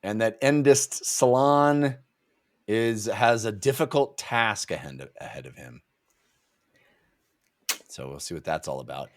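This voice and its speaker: A man's voice: on the low side, measured pace, pauses often. A man co-hosting a podcast, animatedly recapping chapters in a casual book club chat. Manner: animated recapping, acting out lines. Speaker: podcast co-host.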